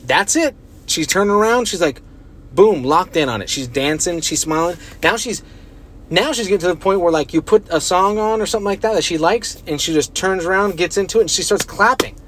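A man's voice: high voice, brisk, fairly bright tone. A young man, a podcast host, talking casually on his own, rambling and swearing with lots of filler words. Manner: rambling, profane, heavy use of filler words. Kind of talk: casual solo podcast chat.

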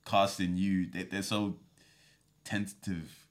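A young man, an actor telling stories as a guest in a casual podcast chat, animated and full of slang. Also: deep voice, takes it slowly.

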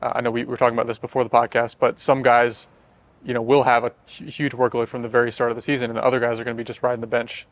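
A young man hosting a casual podcast discussion, leading the questions in a quick, conversational way. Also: medium pitch, no room sound. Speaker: podcast host.

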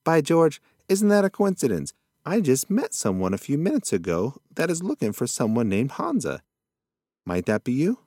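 A man's voice: mid-range voice, huge pitch swings, moderate pace, a little mellow, no room sound, clean studio sound, voice pushed up. A man voicing a forgetful old male possum who rambles in a folksy, muddled way. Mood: rambling.

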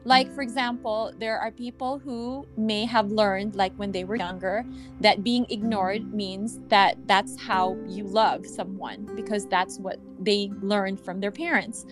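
A woman's voice: mid-range voice, steady tone, unhurried, over music. A woman podcast host and healing coach in casual conversation, rambling and searching for words with lots of fillers, laughing easily.

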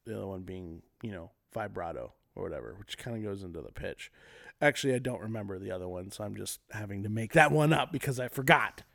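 A man's voice: lowish voice, lively intonation, fast talker, vocal fry, fairly bright tone, no room sound, studio quality. A man co-hosting a podcast, casually explaining singing techniques and often trailing off. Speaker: podcast co-host. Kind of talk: casual chat about singing.

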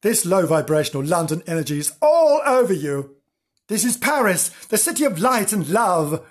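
A man performs a pompous Parisian bookseller who looks down on everyone, in a storybook reading. The voice sits a little high and a touch husky, and every line drips with affected snobbery. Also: big pitch swings, normal speed, exaggerated voice. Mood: mocking. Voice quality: haughty, affected.

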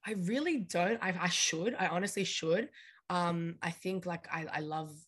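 A woman's voice: on the low side, moderate pace, husky. A woman from Australia, a podcast guest, chatting casually and enthusiastically. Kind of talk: casual interview chat.

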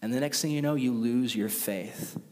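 A young man preaching a casual youth sermon who tells stories with lively voices for the characters. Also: normal speed, big-room sound. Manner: animated storytelling, acts out characters with jumps in pitch. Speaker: youth pastor.

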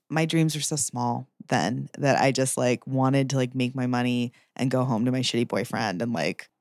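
A woman's voice: extremely low pitch, no echo. Chatty laughing woman, dry close mic. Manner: chatty, laughing, many fillers and restarts. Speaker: podcast guest. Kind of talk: casual interview chat.

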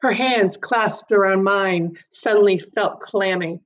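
A woman's voice: medium pitch, takes it slowly. A woman reading a novel aloud as a storyteller, greeting listeners and narrating expressively.

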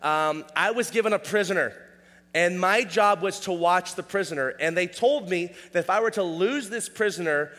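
Brief: preacher putting on a desperate wounded soldier, raised and pitched high, hall reverb. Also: male voice, moderate pace, fairly bright tone. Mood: anxious. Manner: urgent, begging for mercy. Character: wounded pleading male soldier.

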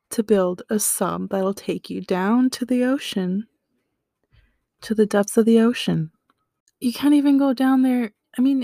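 A woman's voice: medium pitch, a little mellow, no echo, clean studio sound. A woman hosting a casual solo podcast, explaining facts with slangy asides and joking reactions. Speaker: podcast host.

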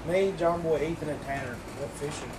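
A man's voice: a little high, a little fast. A man telling a long rambling story in casual, profane podcast chat. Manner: rambling, profane, swears often. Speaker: podcast co-host. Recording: echoey room, mic at a distance, audible background hiss.

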